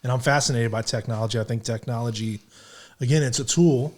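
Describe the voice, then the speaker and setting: A man's voice: medium pitch, fast. Man, middle-aged, podcast host, casual, rambling, filler-heavy. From Ohio, USA. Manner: relaxed, rambling with many fillers.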